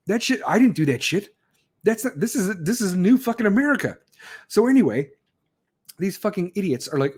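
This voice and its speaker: A man's voice: high voice, expressive, normal speed, long pauses, darkish tone, husky. A man ranting angrily, swearing nonstop and mocking people in put-on voices as a podcast host. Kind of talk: profane rant.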